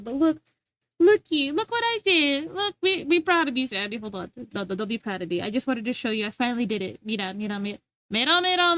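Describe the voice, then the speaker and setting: American woman streamer in her twenties, high voice, dry close sound, animated rambling chat. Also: no echo. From United States. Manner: animated, rambling, quick to laugh. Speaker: livestreamer. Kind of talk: casual chat with viewers.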